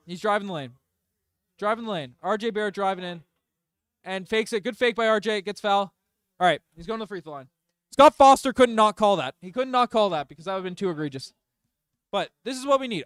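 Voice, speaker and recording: A young man with a very high, smooth voice calls a basketball game as a passionate fan, groaning at misses and yelling "baby" after big shots. The sound is dry and close, with no room around him. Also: dry recording. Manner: swings from despair to hype, yells "baby" on big shots. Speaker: fan commentator streaming live play-by-play. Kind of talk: excited fan play-by-play commentary.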